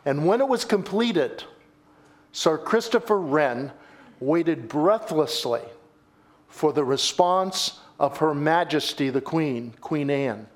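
A man preaching a sermon who talks slowly and deliberately, with a pitch that swings widely on key words. He sounds like a pastor telling a story, repeating phrases for emphasis and addressing the congregation as folks. His voice sits a bit higher than most men's. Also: animated. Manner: dramatic storytelling with emphatic repetition.

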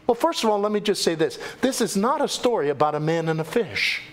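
A male pastor preaching a sermon, telling the story with animated delivery and acting out the quoted voices. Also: sits high, brisk.

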